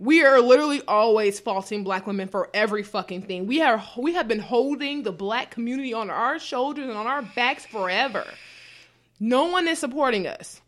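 A woman's voice: a little high, normal speed. A young woman co-hosting a podcast, ranting heatedly and profanely, often mimicking the people she criticizes. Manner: animated, profane, mocking quoted voices. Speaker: podcast co-host. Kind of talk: heated casual rant.

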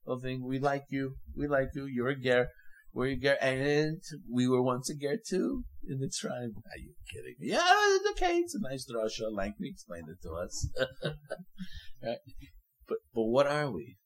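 An older man, a rabbi, giving an animated sermon full of jokes and acted-out little scenes. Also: mid-range voice, moderate pace, low-quality recording.

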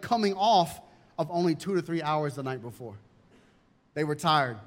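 High-voiced male pastor preaching in a reverberant hall. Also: moderate pace. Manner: emphatic preaching, rhetorical questions. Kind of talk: sermon.

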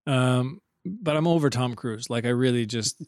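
A blunt, opinionated man chatting casually as a co-host, swearing freely as he talks. His voice sits at a middling pitch and is recorded close and dry, with no room around it. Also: moderate pace, a little mellow, dry recording. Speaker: podcast co-host. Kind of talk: casual chat.

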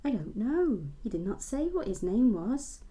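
A woman's voice: on the high side, very animated, a little slow, mellow, voice pushed up. A woman reading a novel aloud and voicing a simple, innocent young woman with a West Country accent, in a naive, placid manner. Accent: West Country English. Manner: naive, placid, matter-of-fact.

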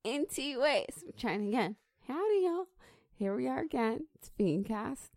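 A woman's voice: on the high side, lively intonation, no echo, studio quality. A young woman hosting a casual podcast, playful and teasing, hamming up cowboy greetings into the mic. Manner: playful, mock-cowboy greetings, drawn-out intros. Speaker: podcast host. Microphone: studio podcast mic.

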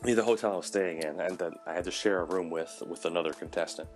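Deep-voiced man telling rowdy stories. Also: quick pace, faint music behind. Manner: animated storyteller, swears, acts out voices. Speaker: podcast host and chef. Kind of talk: casual storytelling chat.

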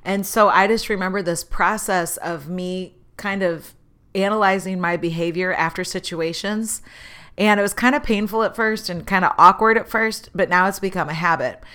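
A woman telling a personal story in a candid, animated way, acting out the voices of people in it. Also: on the low side, normal speed. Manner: candid, animated, acts out quoted dialogue.

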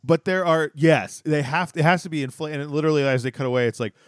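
Recorded dry with clean studio sound, this man talks at a quick pace in a fairly high-pitched voice. He's a podcast co-host casually chatting through a sitcom episode recap, full of rambling restarts and laughing asides.

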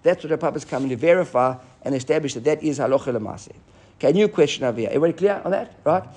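A man teaching a Talmud class, animated and often restarting as he explains. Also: fairly high pitch, racing. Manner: animated, restarts often, mixes Hebrew and Aramaic terms.

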